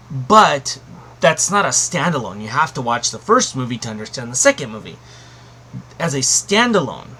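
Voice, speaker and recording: A man's voice: medium pitch, a bit bright, a little hiss or hum. A man giving a casual spoken film review, rambling and emphatic, with many fillers and restarts. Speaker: anime reviewer.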